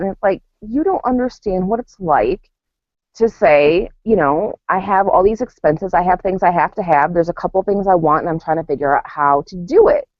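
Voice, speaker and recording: A woman's voice: fairly low pitch, normal speed, no room sound. A woman co-hosting a podcast, telling stories casually and acting out the quotes she tells. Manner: animated storytelling with acted-out quotes and laughter. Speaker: podcast co-host. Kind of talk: casual chat. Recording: dull lo-fi sound.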